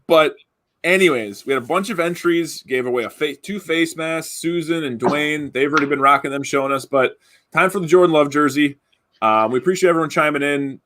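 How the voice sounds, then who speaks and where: A man's voice: medium pitch, a bit bright. Guy hosting a live stream giveaway, rambly, lots of ums and restarts. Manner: rambling, many fillers and restarts. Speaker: podcast host running a giveaway. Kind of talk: casual live-stream chat.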